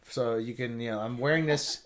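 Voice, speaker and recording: A man's voice: medium pitch, fairly bright tone. A man co-hosting a livestream in casual chat, rambling and joking with lots of restarts. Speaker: livestream co-host.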